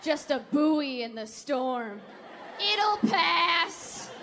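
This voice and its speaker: A woman in her thirties performing a sarcastic, animated stand-up comedy set and working the crowd on a theater stage. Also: high voice, very slow, background noise. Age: 30s. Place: large theater stage with audience. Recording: live theater recording with crowd laughter.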